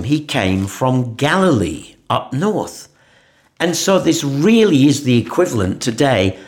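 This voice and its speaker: A man speaking earnestly in a conversational Bible reflection, full of rhetorical asides. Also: mid-range voice. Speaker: co-presenter of a Bible podcast. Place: church in Jerusalem.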